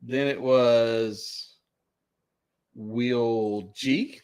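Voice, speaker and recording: A man's voice: mid-range voice, steady tone, drawn-out words, darkish tone, clear, resonant tone. A man with a Southern US accent hosting trivia in casual live-stream chat, chuckling as he reads out questions. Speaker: trivia host.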